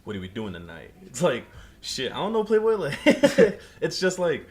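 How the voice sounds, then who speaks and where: A young man co-hosting a podcast in casual chat, animated and quick, acting out other people's voices in his stories. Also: fairly high pitch. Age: young adult. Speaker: podcast co-host.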